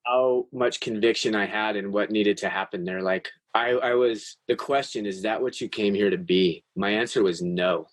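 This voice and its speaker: A low-pitched man speaking into a close podcast mic, telling a personal story with earnest intensity. He stumbles over restarts and swears now and then, and the sound is dry and close with no room echo. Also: moderate pace, hardly any pauses. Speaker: podcast guest. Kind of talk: storytelling in casual chat.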